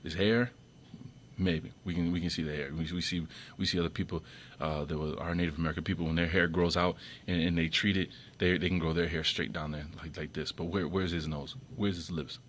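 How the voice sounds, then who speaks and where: A man's voice: steady tone, a little fast, slight background noise. A man giving an off-the-cuff commentary monologue, rambling with many restarts and repeated words, his voice often jumping up sharply when irritated. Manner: irritated, sharp jumps up in pitch and loudness. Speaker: video commentator.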